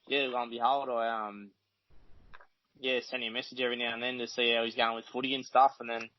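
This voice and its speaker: A man's voice: mid-range voice, level tone, fast, no echo. An Australian man, a mechanic, chatting casually as a podcast guest, rambling and swearing freely. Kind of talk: casual chat. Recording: dry, slightly dull podcast audio.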